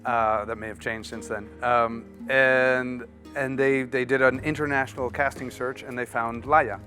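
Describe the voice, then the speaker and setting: A man, an actor, talking casually as a studio guest, relaxed and self-deprecating with stammered restarts. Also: mid-range voice, measured pace, soft background music. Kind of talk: casual interview chat.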